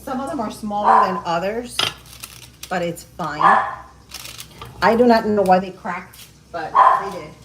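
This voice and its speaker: Heavy background noise and kitchen frying and sizzling accompany this woman, who hosts a casual cooking livestream from home and chats with viewers as she cooks. She speaks in a mid-range voice, a little slowly, with long pauses.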